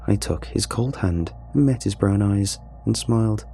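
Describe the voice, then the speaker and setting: Gravelly low male storyteller. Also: normal speed, slight background noise. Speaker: narrator. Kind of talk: scripted story narration. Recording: soft music under the voice.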